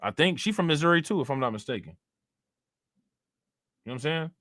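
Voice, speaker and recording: A man's voice: fairly high pitch, lively intonation, fairly quick, a bit bright, no echo, studio quality. Loose, rambling male streamer. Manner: rambling, loose and profane, reading out chat messages. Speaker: live stream host. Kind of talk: casual live-stream commentary.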